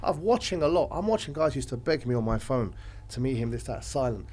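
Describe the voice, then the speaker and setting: Rambling, animated male podcast guest. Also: medium pitch, fairly quick. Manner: voice swings from loud to quiet. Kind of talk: casual chat.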